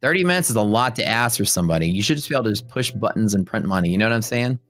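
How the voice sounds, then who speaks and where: A young man hosting a trading livestream talks very fast in a lowish voice with no echo. His casual chat with viewers and live chat is full of jokes and animated stories told with playful quoted voices.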